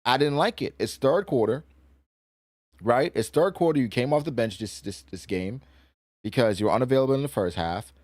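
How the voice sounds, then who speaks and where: A man on a casual reaction stream, talking to his chat with a lively voice that swings up and down. His delivery is slangy and exasperated, and it sounds close and dry with no room around it. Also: mid-range voice, moderate pace, no room sound. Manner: animated, slangy, exasperated ranting. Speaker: streamer reacting to a comic chapter and reading chat.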